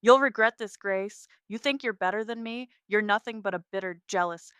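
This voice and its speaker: A woman reading the lines of an angry, resentful brother who shouts threats in a family drama story. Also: mid-range voice, normal speed, clean tone, no room sound, pitched above the performer's own voice, close to an everyday voice. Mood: furious. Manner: shouting, furious.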